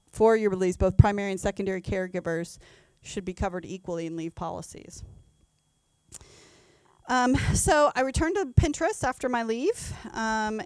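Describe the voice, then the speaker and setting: Woman in her 30s presenting to hr folks, lots of ums, smooth clear voice, dry close sound. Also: medium pitch, darkish tone, no echo. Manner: frequent ums and self-corrections. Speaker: HR leader giving a conference talk. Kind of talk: conference presentation. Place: event venue.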